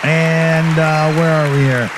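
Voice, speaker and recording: A man's voice: fairly high pitch, flat delivery, slow pace, a crowd in the background, noisy background. A man co-hosting a live stream, reading out viewer super chats in a loose, rambling, profane way and laughing often. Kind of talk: casual live-stream chat.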